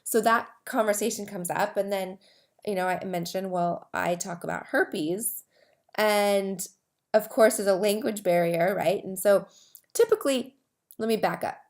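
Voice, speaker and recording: A woman's voice: mid-range voice, unhurried. A woman hosting her own advocacy podcast, talking casually to camera in a rambling way with many asides and restarts. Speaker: host of a herpes advocacy podcast.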